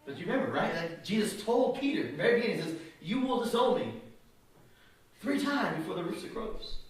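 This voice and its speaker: A male pastor preaching a sermon, telling stories with lively acted-out quotes and asides. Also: sits high, a little fast. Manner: animated storytelling with voiced quotes and asides. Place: church hall. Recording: echoey hall from a distance.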